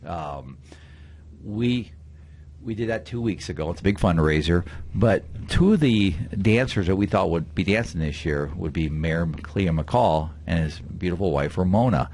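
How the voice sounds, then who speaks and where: A man, a county sheriff, telling a story in a folksy, animated way on a radio show in a studio. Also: sits low, a little slow, a little hiss or hum.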